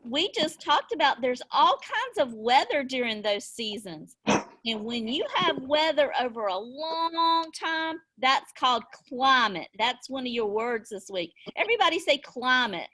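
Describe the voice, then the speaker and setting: Slow, high-voiced woman teaching small children. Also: big pitch swings, pushed and bright, a little hiss or hum. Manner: slow, sing-song and encouraging, with gasps of delight. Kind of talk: online class lesson for young children. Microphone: video call.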